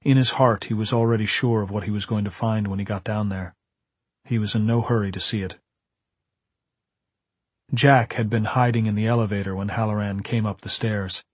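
Husky, dry-voiced male audiobook narrator. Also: on the low side, steady tone, no echo. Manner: measured, dramatic storytelling. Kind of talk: scripted narration.

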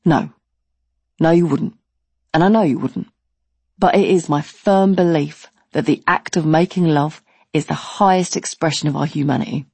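A woman plays a blunt young man, lecturing in a calm, deliberate way. The voice sits low and slightly husky, close and dry. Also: no echo, full character voice. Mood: earnest. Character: blunt, plain-spoken young man in a queue.

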